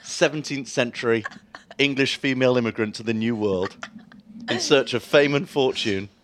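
Guy hosting a chat show, mid-pitched, all jokes and teasing banter. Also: moderate pace, fairly bright tone, slight background noise. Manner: jokey, bantering. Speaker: host. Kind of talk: casual chat.

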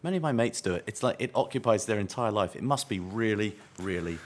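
A man's voice: lowish voice, expressive, fast. A man hosting a podcast, reading listener mail in a dry, wry way and often laughing. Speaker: podcast host.

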